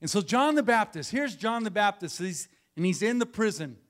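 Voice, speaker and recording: A man preaching a sermon as pastor, swinging between quiet, intimate passages and loud, emphatic ones, repeating key phrases. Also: sits high, very animated, normal speed.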